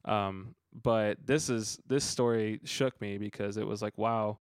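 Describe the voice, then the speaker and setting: A man's voice: fairly low pitch, fairly even intonation, measured pace, clear, resonant tone, no echo, clean studio sound. A man co-hosting a casual podcast, reading a Bible passage aloud and reflecting on it earnestly, with frequent fillers. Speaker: podcast co-host.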